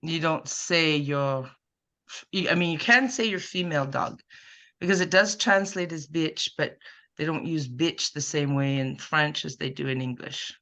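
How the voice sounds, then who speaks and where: A woman teaching a small online French class, explaining slowly and patiently while mixing French and English. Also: deep voice, pushed and bright.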